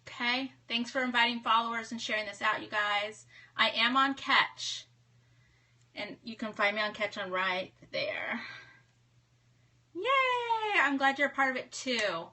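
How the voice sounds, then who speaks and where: A woman's voice: a little high, normal speed, pushed and bright. A woman in her thirties hosting a casual live stream from her home office, chatting and greeting viewers by name in a bubbly way. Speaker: livestream host.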